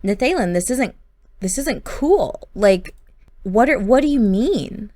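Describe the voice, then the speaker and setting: A woman's voice: fairly high pitch, animated, slow pace, a little mellow. A woman voicing a confused, frightened young wife who speaks in a distressed, pleading way.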